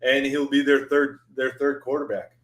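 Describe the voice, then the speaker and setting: A man muses about football players on a live stream panel and thinks aloud. His voice is mid-pitched. The room around him is echoey. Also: little pitch movement, moderate pace, fairly bright tone. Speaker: guest panelist. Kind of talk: casual football chat.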